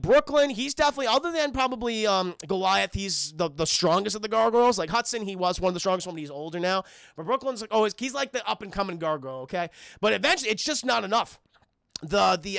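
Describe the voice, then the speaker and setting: A man with a high voice and a sharp, bright tone walks his live chat through a cartoon episode. He rambles, swears, and keeps calling out to chat while acting out the characters' lines. The sound is dry and close. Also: vocal fry, no room sound. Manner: acts out characters' lines in quick asides. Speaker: streamer reviewing a cartoon.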